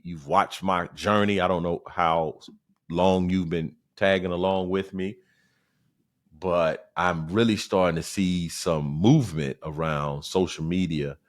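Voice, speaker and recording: Host: deep-voiced South Carolina man, 40s, animated slangy stand-up delivery. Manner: animated, slangy, repeats phrases. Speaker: podcast host, stand-up comedian. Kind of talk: casual podcast monologue.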